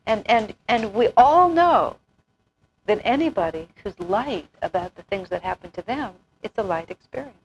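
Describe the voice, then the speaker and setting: A woman's voice: a little high, sing-song, fairly quick, a little hiss or hum, poor audio. A woman giving an informal spiritual talk, telling anecdotes, acting out quotes and laughing often. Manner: chatty storyteller, laughs often, acts out quotes. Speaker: spiritual teacher.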